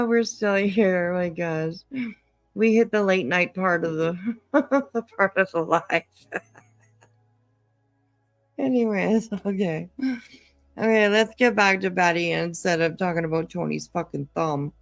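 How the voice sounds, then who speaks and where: A woman's voice: medium pitch, no room sound. A woman giving casual live commentary, swearing freely, mocking, and often laughing. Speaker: commentary streamer.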